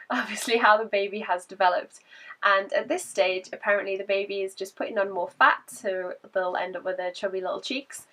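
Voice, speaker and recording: A woman talks through a casual vlog update, her voice croaky from a cold. She is chatty and laughs between points. She sits a little back from the microphone, so her voice sounds slightly distant. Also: medium pitch, a bit bright. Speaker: vlogger.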